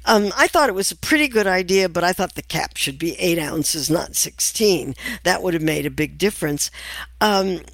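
Older woman, low voice, gravelly, wry and amused, interview guest, dry sound. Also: animated, normal speed, a bit bright, dry recording. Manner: wry, amused, laughs while telling stories. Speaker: author and nutritionist guest. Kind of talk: conversational interview.

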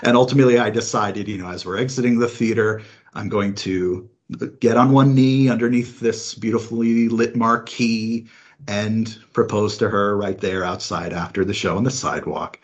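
Low, husky-voiced man telling a story. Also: steady tone. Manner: earnest, a little halting with fillers. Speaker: interview guest. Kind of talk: casual storytelling.

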